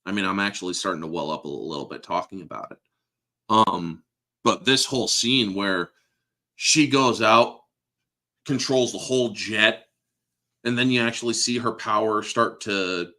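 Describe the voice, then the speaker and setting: A man's voice: lowish voice, animated, normal speed, bright, forceful tone. A man in his thirties chatting casually about a movie, emotional and profane, laughing often. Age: 30s. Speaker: podcast host. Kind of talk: casual movie review chat.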